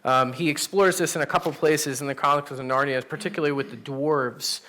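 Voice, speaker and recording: A man, a pastor, teaching an adult Sunday class in a church room, telling stories in a casual, animated way. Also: fairly high pitch, brisk. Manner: animated, storytelling, conversational with fillers. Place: church classroom with teens present.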